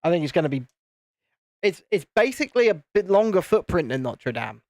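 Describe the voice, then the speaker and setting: A man's voice: high-pitched, very animated, a little fast, a little mellow, dry recording, clean studio sound. Chatty man on a live stream. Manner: chatty, rambling, self-interrupting. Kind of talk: casual live-stream chat while building Lego.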